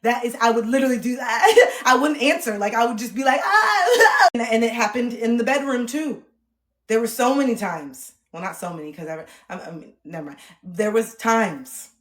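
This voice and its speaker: A woman streamer telling personal stories frankly, swearing, dropping to hushed reflection and then bursting into loud laughing re-enactments. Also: a little high, moderate pace. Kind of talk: candid personal storytelling. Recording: echoey room.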